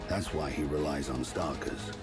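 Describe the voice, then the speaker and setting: A sardonic mutant stalker, grim and weary, narrating a game opening. The voice sits extremely low and booming. Loud music swells beneath every line. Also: male voice, normal speed, gravelly. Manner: grim, accusing, sardonic delivery. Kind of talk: scripted game intro narration. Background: loud game soundtrack music.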